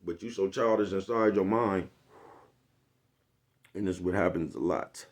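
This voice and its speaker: A man with a deep, low voice rambles through a casual monologue to his viewers. He swears freely and keeps asking whether they know what he is talking about. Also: measured pace. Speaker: vlogger.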